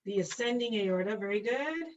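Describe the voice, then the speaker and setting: A nursing instructor with a medium-pitched, animated voice, speaking at a normal speed, gives an online lecture while drawing. She's playful and pokes fun at her own sketch as she quizzes students by name. The audio is lo-fi, dull and distant.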